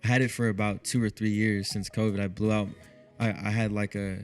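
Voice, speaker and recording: Smooth-voiced low radio DJ man. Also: soft background music. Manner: calm, unhurried, drops lots of "you know what I mean". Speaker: DJ and radio host, interview guest. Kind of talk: relaxed conversational interview.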